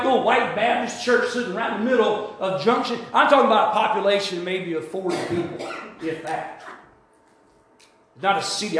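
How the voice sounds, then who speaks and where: High-voiced older preacher, echoey hall. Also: male voice. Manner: testimony storytelling that builds to shouted praise. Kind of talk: sermon. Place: church sanctuary.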